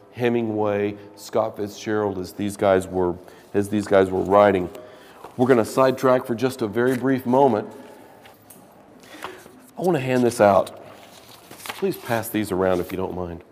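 A man with a low voice lectures to a literature class in a classroom. He talks casually, then throws dramatic emphasis into the passages he reads aloud. His voice rings on in a long, reverberant echo. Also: a little mellow. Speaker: literature teacher.

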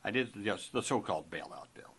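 Middle-aged senator guy reading a statement, lowish voice, slow and careful with some uhs. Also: expressive, a bit bright, husky. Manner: measured, deliberate delivery with occasional hesitations. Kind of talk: formal prepared statement.

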